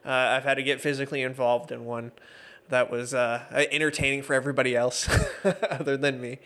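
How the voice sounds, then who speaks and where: Speaking a little fast in a somewhat bright, medium-pitched voice with little pitch movement, a man in his thirties shares stories as a guest on an interview show. He is an MMA referee and judge, and his casual storytelling is chatty, laughing and heavy with fillers.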